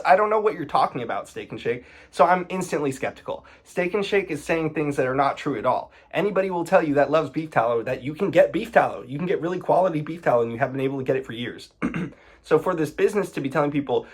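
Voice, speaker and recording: A man's voice: a little high, animated, quick pace, breathy edge. A man giving casual commentary, sarcastic and indignant, often breaking into exasperated outbursts.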